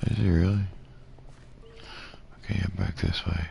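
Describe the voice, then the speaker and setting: A man's voice: low-pitched, steady tone, normal speed, vocal fry, dark tone, a little hiss or hum. A man casually commenting on his gameplay in a laid-back way, muttering little sound effects to himself as he plays. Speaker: let's play gamer.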